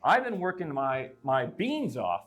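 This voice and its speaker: An indignant male priest berating those who spoil his work, played by a man. He scolds with exasperation in a fairly high voice. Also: big pitch swings, measured pace, fairly bright tone, husky, heavily acted. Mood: scolding. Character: scandalized male priest, frustrated.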